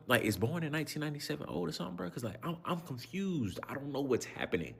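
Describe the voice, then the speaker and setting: A man in his twenties, a youth coach, telling a story in casual chat, animated and exasperated, heavy on slang. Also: fairly high pitch, fast, gravelly, hardly any pauses, breathy edge. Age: 20s.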